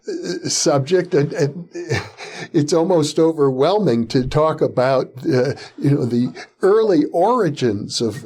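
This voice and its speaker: A man's voice: fairly high pitch, darkish tone. A man hosting an interview, asking questions hesitantly, with many fillers as he searches for words. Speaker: host. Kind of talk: interview conversation.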